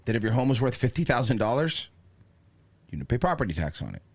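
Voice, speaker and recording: Animated, foul-mouthed man co-hosting a podcast. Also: quick pace, husky. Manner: animated, profane, jumps into high mocking voices. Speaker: podcast co-host. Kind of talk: casual chat. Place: home.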